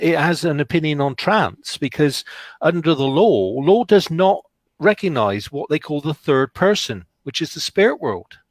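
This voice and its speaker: A man's voice: on the high side, dry recording. A man speaking as a trance medium in a casual discussion, plain-spoken and colloquial.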